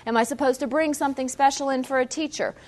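A middle-aged mother teaching a parenting class in a lively way, acting out quotes and laughing often. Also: sits high, fast.

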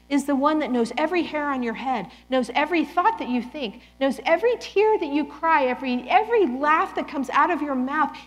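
A woman in her forties giving a lively, conversational Christian talk to parents, often quoting scripture as if speaking the words herself. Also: high voice. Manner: animated, conversational, quotes scripture in character. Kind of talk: talk to a church audience.

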